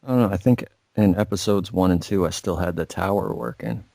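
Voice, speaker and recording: A man with a low voice co-hosts a podcast from his garage, talking loosely and swearing in nearly every sentence. The sound is dry and close, with no room around it. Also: fairly quick, gravelly, darkish tone, dry recording. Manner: heavy swearing, rambling. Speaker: podcast co-host. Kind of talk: profane casual chat. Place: home garage.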